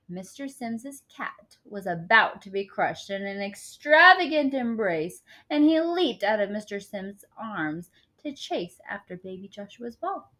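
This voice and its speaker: A woman reading a children's picture book aloud at an unhurried pace, with a mid-pitched voice. She leans into the drama of the story and breaks off now and then for casual asides to her listeners. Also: expressive, sharp tone.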